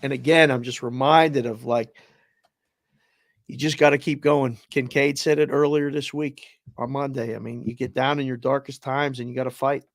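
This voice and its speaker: A man at a middle pitch talks on a podcast in a dry, close recording. He reflects with emotion, his sentences often trailing off or restarting. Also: fairly even intonation, moderate pace, dry recording. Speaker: co-host. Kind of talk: casual podcast chat.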